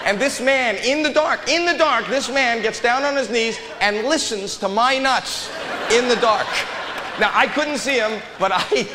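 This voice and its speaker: A man performing stand-up with a fairly high voice, telling his story in halting, repeated bursts. He is heard through a live room with a long reverb tail, and a loud crowd laughs around him. Steady hiss sits under the whole recording. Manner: storytelling with stammered repeats and chuckles. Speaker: comedian. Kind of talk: stand-up comedy. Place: comedy stage. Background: audience laughter.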